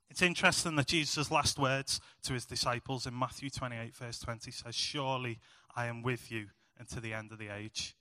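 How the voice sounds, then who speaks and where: A man's voice: mid-range voice, fairly even intonation, fairly quick, pushed and bright, no room sound, big-room sound. A young man preaching a sermon in a chatty, self-mocking storytelling way.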